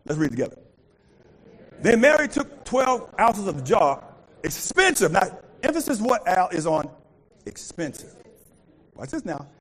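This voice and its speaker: A man's voice: sits high, moderate pace, long pauses, slightly rough, low-quality recording. A man preaching a call-and-response sermon as pastor, repeatedly asking the congregation to finish his words. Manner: animated preaching, asks congregation to fill in words.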